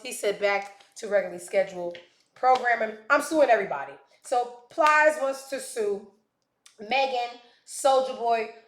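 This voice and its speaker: A woman hosting a commentary show, talking bluntly and sarcastically with plenty of profanity. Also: a little high. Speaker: show host. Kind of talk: casual commentary. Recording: echoey room.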